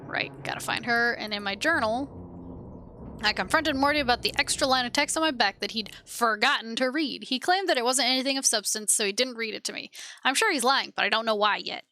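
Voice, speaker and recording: Young woman streamer, casual chatty commentary, high bright voice, light hiss. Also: a little fast. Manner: playful, chatty, reads text aloud.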